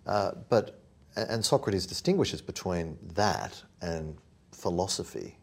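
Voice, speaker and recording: A man's voice: low voice, a little slow. A man in a thoughtful academic discussion, searching for his words and correcting himself as he raises questions. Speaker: podcast discussant.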